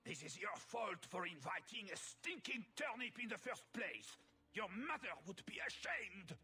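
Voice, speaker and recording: An actor playing a petulant, arrogant male noble in a video game, speaking with a French-sounding accent in a whiny, gravelly voice. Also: high voice, big pitch swings, moderate pace, pushed and bright, exaggerated voice. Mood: indignant.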